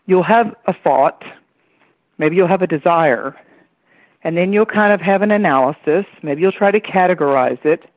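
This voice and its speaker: A woman from Tennessee speaks as a guest on a radio show, telling lively stories and acting out the voices of her family. Her voice comes through a thin phone line. The sound is dry and close, with no room echo. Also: fairly low pitch, normal speed. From Tennessee, USA. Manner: lively storyteller who acts out the voices of relatives. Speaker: radio guest, psychic astrologer. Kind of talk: personal storytelling on a call-in radio show. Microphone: telephone.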